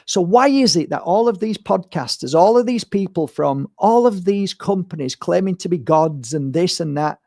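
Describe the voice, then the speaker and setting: A man's voice: high-pitched, animated, moderate pace, hardly any pauses, a little mellow, no room sound, studio quality. A man, a spiritual medium, talking bluntly and emphatically in a rambling monologue to camera. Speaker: spiritual medium and crystal seller.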